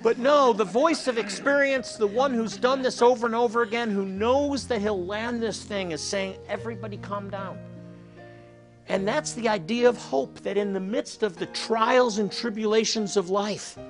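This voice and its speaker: A man preaching a sermon, telling stories and dropping to a soft hush for emphasis. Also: high voice, normal speed, few pauses. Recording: faint music behind.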